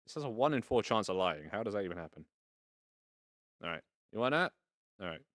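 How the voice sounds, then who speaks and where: A man's voice: on the low side, big pitch swings, fairly quick, a bit bright, no echo, studio quality. A man casually hosting a live stream from inside virtual reality, rambling and playful with some casual swearing. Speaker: VR streamer hosting a fashion show. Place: indoors in a home VR setup.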